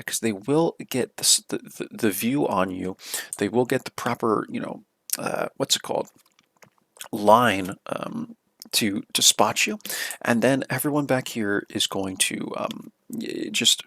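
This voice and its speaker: A man's voice: mid-range voice, gravelly, pushed and bright, slightly rough, no room sound. A man giving casual gameplay commentary as a video creator, with an American accent, repeating words and using many fillers.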